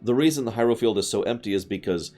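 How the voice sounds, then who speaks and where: A man's voice: on the low side, racing, mellow, faint music behind. A man giving casual, chatty commentary while streaming a video game, with opinionated asides.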